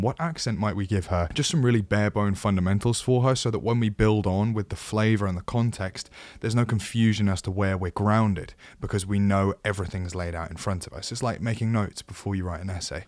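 A man's voice: fairly low pitch, a little mellow. A man hosting a casual voice-acting tutorial, chatty, enthusiastic and self-deprecating. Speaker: host of a voice-acting channel.

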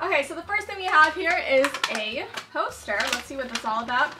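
A young woman book vlogger, gushing and excitable, talking casually to camera with lots of fillers while unboxing. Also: high-pitched, fairly quick, few pauses.

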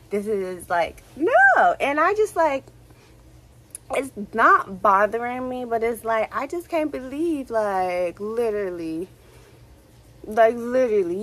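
A young woman with a Houston accent, telling a story to her vlog in a casual, animated way, full of swearing and "like, literally" fillers. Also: a little high, rough recording. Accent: Southern US, Houston. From Texas, USA. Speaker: vlogger.

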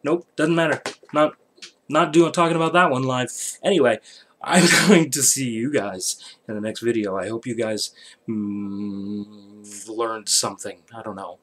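A man's voice: medium pitch, a little slow, a bit bright, slight background noise. Rambling, swearing male vlogger. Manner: rambling, profane, joking. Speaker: channel host. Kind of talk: rambling late-night channel update.

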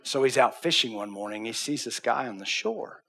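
Male pastor, sermon, bright tone, husky edge, hushed voice for quoted figures. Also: medium pitch, animated, moderate pace. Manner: acts out Bible figures, drops to a hushed near-whisper in quoted lines.

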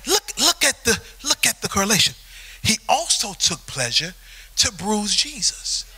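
High, bright-voiced pastor preaching. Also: male voice, unhurried, gravelly, slightly rough. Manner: animated storytelling preaching that swells into shouting. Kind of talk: sermon. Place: church sanctuary.

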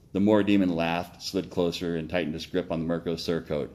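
A man reading his own story aloud, steady with occasional slips and self-corrections. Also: deep voice, normal speed, hardly any pauses.

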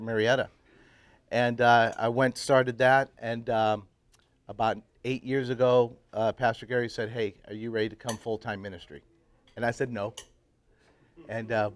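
A man in his fifties, a church pastor, casually telling his life story to a men's breakfast group, swinging from loud, laughing bursts to quiet, earnest stretches. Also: mid-range voice, clean tone, no room sound. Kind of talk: casual personal testimony talk. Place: live talk to a roomful of men at a breakfast.

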